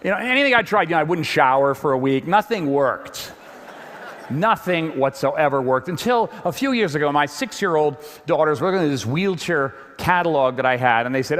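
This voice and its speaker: A man giving a lively stage talk to an audience, animated, often repeating words as he builds up steam. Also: a little high, brisk, in a large hall. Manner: animated, repeats words when getting going.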